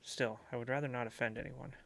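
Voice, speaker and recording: A man's voice: mid-range voice, little pitch movement, fast talker, creaky, a bit bright, slight background noise. A man reading the lines of a despairing young man trapped in a hole, in a horror game. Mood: brooding. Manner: despairing, then pleading. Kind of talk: reading game dialogue aloud.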